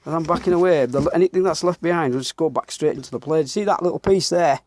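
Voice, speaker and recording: A fairly high, slightly mellow male voice moves at a quick pace with no room sound. The speaker, a Northern Englishman from England, is slightly out of breath and talks bluntly about his woodworking as he does it, muttering and occasionally swearing mildly. Clear workshop noise sits behind him, including planing, rubbing and wood sounds.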